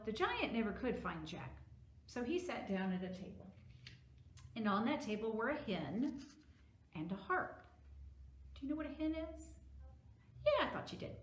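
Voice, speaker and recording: A woman librarian reading a story aloud to children, animated and asking them questions. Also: fairly high pitch, moderate pace, long pauses. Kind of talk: virtual children's story time. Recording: echoey room.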